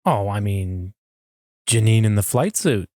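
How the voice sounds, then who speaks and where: A man co-hosting a podcast, chatting casually and excitedly as a fan, with frequent laughs and fillers. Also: fairly low pitch, measured pace, dry recording, clean studio sound. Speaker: podcast co-host.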